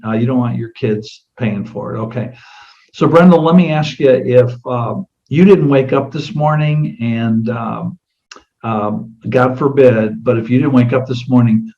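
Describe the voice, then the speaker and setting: Middle-aged man walking through a sales pitch. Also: darkish tone, dull audio. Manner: conversational, asks many direct questions. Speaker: insurance agent and sales trainer. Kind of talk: demonstrating a client sales meeting.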